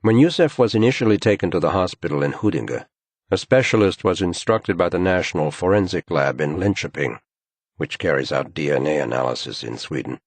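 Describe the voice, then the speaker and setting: A man reading a crime thriller audiobook in measured, grave scripted narration. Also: sits low, husky, dry recording.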